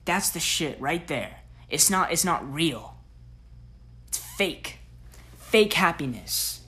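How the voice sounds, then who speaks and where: A woman with a fairly low voice delivers a solo podcast monologue. Her talk is blunt, heavy with slang and swearing, and pushes tough love at the listener. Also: expressive, takes it slowly, pushed and bright. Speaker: podcast host.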